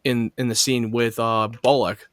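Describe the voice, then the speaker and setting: A man's voice: medium pitch, moderate pace, dry recording. Laughing, cursing guy on a dry mic. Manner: excited, laughing often, swearing. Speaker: podcast co-host. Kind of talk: casual chat.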